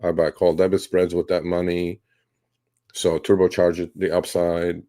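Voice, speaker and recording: A middle-aged man talking casually about his trades, blunt and animated, cursing now and then. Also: sits low, normal speed. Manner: blunt, animated, swears and laughs. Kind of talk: casual talk answering a question.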